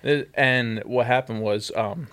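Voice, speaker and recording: A man's voice: mid-range voice, fairly even intonation, normal speed, fairly bright tone. A man in his thirties, a guest on a podcast, telling rambling stories in casual chat and laughing often. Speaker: guest, sneaker customizer.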